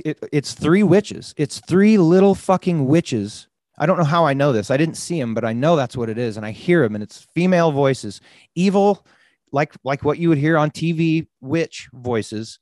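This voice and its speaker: A man hosting a casual podcast chat tells a story with animated energy and plenty of swearing. His voice sits slightly above the usual pitch for a man. The sound is dry and close to the mic, with no room around it. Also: no room sound. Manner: animated storyteller, swears freely, says "dude" a lot. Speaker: podcast host. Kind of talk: casual conversation.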